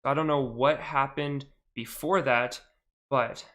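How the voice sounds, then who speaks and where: A man's voice: medium pitch, steady tone, slow pace, a bit bright. A young man hosting a live stream podcast, talking casually and correcting himself as he goes. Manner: rambling, self-correcting, chatty. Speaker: podcast host on a charity stream. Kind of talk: casual live-stream talk about astronomy.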